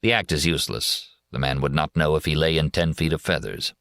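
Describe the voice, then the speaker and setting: A man narrating a war memoir audiobook in a steady, measured first-person reading. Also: rumbling low, vocal fry, clear, resonant tone, dry recording, studio quality.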